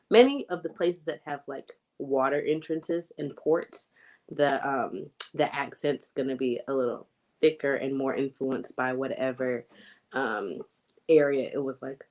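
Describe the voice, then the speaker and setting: A woman's voice: very deep voice, a little mellow. An American woman, a native-speaker guest, explaining casually and thoughtfully with fillers. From United States.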